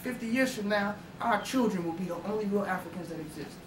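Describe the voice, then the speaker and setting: A man's voice: sits high, fast, recorded from a distance, background noise. A man giving an informal lecture, emphatic and profane, often asking his listeners rhetorical questions. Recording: roomy echo, voice away from the mic.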